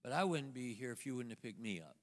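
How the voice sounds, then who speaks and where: An older man, a guest minister telling a testimony with halting restarts. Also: medium pitch, lively intonation. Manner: storytelling, halting restarts, acts out quoted voices. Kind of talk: sermon testimony to a congregation. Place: church sanctuary. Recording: long church hall reverb.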